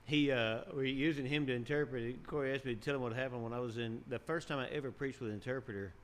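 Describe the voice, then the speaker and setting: A man casually telling funny stories, animated and often laughing, his voice jumping up at the punchlines. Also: medium pitch, quick pace, slight background noise. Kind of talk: storytelling, casual chat.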